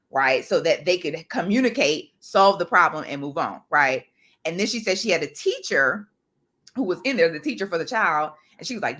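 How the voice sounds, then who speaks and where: Woman on a peer accountability call, slightly low-pitched, bright and forceful tone, acts out every quote, tags sentences with "right?". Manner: animated retelling, acts out quotes, frequent "right?". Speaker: accountability group member sharing a lesson; mother. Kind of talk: casual video-call chat.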